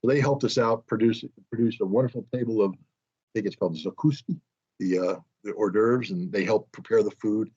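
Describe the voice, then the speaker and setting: A man's voice: lowish voice, fairly quick, dark tone, husky. An American man telling a rambling, self-deprecating anecdote as an interview guest, with frequent restarts. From United States. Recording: dull lo-fi sound.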